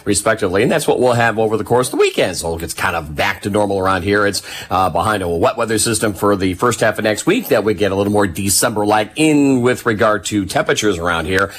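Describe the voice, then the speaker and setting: A man with a fairly low voice reads the radio weather at a quick clip. His forecast is brisk and folksy, with a faint hiss of noise behind him. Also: animated, a bit bright. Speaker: meteorologist.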